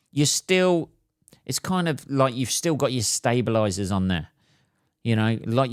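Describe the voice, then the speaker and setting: A man's voice: lowish voice, clean tone, dry recording, clean studio sound. Sweary man ranting. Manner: sweary, ranting, lively swings between loud and mutters. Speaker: podcast host and stand-up comedian. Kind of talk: casual solo podcast rant.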